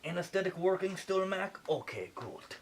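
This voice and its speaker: A man's voice: high voice, animated, normal speed, a little hiss or hum. A man putting on a French accent, playing a mock surgeon and giving fussy, playful step-by-step instructions. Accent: put-on French accent. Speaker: mock surgeon fixing a computer. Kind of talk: joking home repair video.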